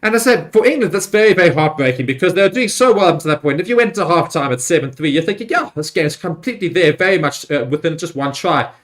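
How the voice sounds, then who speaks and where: Guy doing a rugby watchalong stream, kinda high voice, lots of uhs, gets hyped on tries. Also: fast talker, hardly any pauses. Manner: excitable, pitch jumps on big plays; rambling with fillers and restarts. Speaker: livestream host. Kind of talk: live match watchalong commentary.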